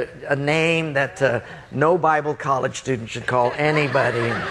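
A man preaching a sermon, telling a personal story and acting out the voices, dropping low and quiet to quote God. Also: slight background noise.

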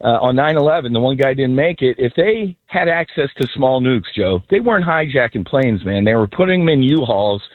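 A man speaks bluntly and emphatically as a radio guest, a military veteran making his points in a folksy way. His voice is husky and comes through a dry, tinny phone line. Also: mid-range voice, expressive, fairly quick, hardly any pauses, no echo.

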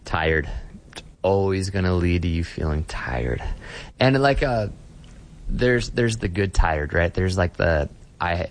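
A man with a very low, deep voice talks as a guest on an interview podcast. He is a pastor and speaks earnestly, often stumbling over and repeating words as he works out his thoughts. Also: lively intonation, takes it slowly. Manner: earnest, restarts words while thinking.

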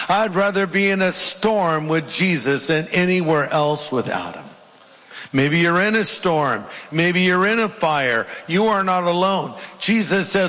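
A middle-aged male pastor preaches and reads scripture with emphatic, dramatic delivery. His voice sits a little high for a man. A long reverb trails each phrase, as in a large church sanctuary. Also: expressive, unhurried, a bit bright. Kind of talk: sermon with scripture reading.

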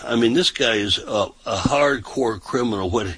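A man's voice: medium pitch, moderate pace, a bit bright, breathy edge, no room sound, poor audio. A man hosting a casual talk show, talking emphatically and often repeating himself and restarting his sentences.

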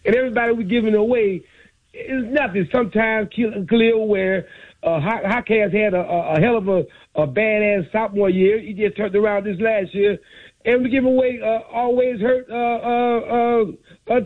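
High-voiced male caller on a tinny phone. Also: fairly even intonation. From Miami. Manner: challenging, halting. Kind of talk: argumentative sports call-in.

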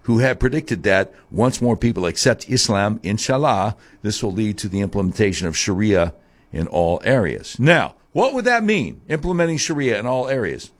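A man hosting talk radio, delivering a monologue that swings from a low grumble to high mocking tones. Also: expressive, normal speed.

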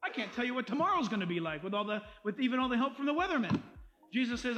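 A male pastor preaching a sermon, animated and emphatic, quoting scripture and joking along the way. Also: extremely high pitch, fast, a little hiss or hum.

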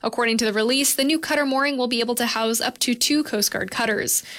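A woman reading a local radio news report in a steady, clear newsreader manner. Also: fairly high pitch, fast talker.

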